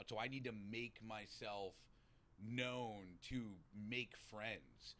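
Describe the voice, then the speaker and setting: Guy w a boston accent, kinda low voice but bright, telling stories loose and animated, cusses a lot. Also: unhurried. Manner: animated, swearing, acts out quotes. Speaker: podcast guest in recovery. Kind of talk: casual storytelling chat.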